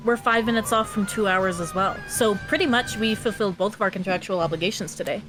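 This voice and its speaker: Tired young woman cohost chatting, stumbles over words, soft music behind. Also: medium pitch, fast. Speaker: co-host. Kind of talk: casual stream chat.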